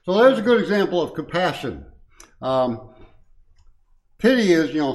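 A man's voice: a little high, expressive, moderate pace, poor audio. Folksy older man giving a devotion. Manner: folksy, chuckling asides, frequent uh and um; reads scripture aloud with rising emphasis. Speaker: lay speaker at a Bible study. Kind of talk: informal short devotion.

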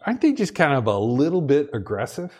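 A Pacific Northwest pastor preaches with a slightly high, darkish voice that swoops wildly in pitch, has a breathy edge, and moves fairly quickly. Conversational in style, he repeats words stumblingly as sentences start while building his points, laughing between them.

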